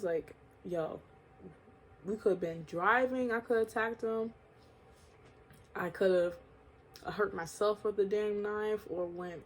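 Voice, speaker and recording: A woman from New York tells a personal story in a casual storytime vlog. She speaks slowly and candidly in slang, swears freely, and laughs between lines. A faint hiss of noise sits under her voice. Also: medium pitch. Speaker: vlogger.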